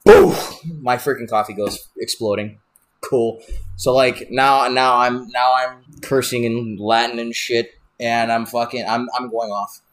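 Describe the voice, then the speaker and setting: A young man, a wrestler on a podcast, telling a road story in a profane, animated, rambling way with lots of restarts. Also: medium pitch, a little slow. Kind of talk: casual storytelling.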